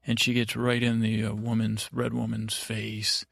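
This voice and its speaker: A man's voice: fairly low pitch, completely flat delivery, measured pace, vocal fry, a bit bright, dry recording, studio quality. A man hosting a podcast, rambling through a drowsy, meandering recap full of fillers and asides. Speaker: podcast host.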